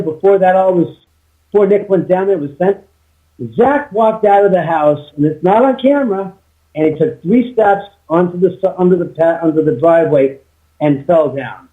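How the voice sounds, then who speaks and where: Male guest on a phone line, high-pitched, rambling storyteller full of restarts. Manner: rambling with many restarts and quoted dialogue. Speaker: guest, homeowner. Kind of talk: casual interview storytelling.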